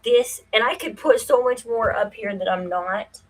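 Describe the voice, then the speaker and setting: A woman in her forties hosting a casual livestream, thinking aloud with many fillers and breaking into quick, emphatic, conspiratorial bursts. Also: on the high side, rough recording. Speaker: livestream host.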